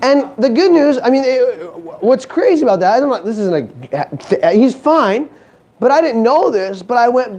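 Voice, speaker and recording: A man's voice: very high-pitched, moderate pace, dull audio. A man giving a live motivational talk on a conference stage, joking and asking the audience questions. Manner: animated, joking, asks the crowd questions. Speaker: motivational speaker.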